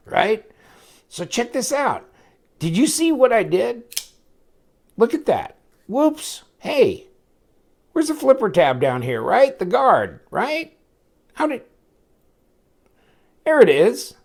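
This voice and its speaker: A man casually reviewing a folding knife, rambling and excitable as he talks to viewers while handling it. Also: high-pitched, measured pace, vocal fry, long pauses.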